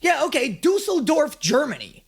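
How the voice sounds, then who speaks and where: A man hosting a casual reaction video, excitable, crude and self-mocking. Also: very high-pitched, moderate pace, vocal fry.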